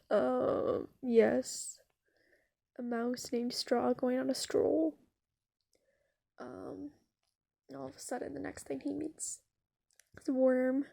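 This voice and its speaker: A woman's voice: high voice, fairly even intonation, takes it slowly, creaky, long pauses, dark tone. A woman telling an improvised story in a casual, rambling way, full of fillers and swearing.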